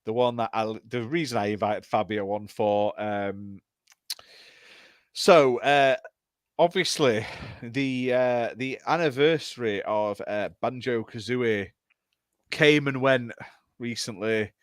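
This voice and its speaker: British man, podcast host, brash banter, mid pitch, dry close mic. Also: slow pace, clear, resonant tone, no room sound. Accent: British English. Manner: brash banter, swears freely. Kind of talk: casual podcast chat.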